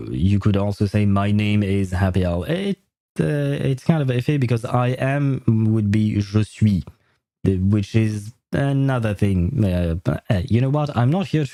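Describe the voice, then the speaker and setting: French-native guy streaming a game, rambly and laughing a lot, warm low-key tone. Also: dry recording. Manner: rambling, chatty, laughs often. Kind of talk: casual livestream chat.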